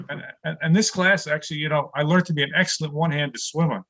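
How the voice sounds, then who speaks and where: An older man in his sixties, from New York City, works through a stand-up set on a video call from his home studio. His voice sits a touch high for a man, and he laughs along at his own punchlines. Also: racing, hardly any pauses, a bit bright. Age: 60s. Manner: punchline-driven, chuckles at own jokes. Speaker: stand-up comedian.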